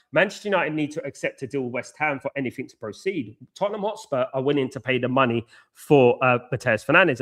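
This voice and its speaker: A man hosting a live watchalong, outspoken and animated, reading chat and ranting with lots of "you know what I mean.". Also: fairly high pitch. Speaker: fan channel host.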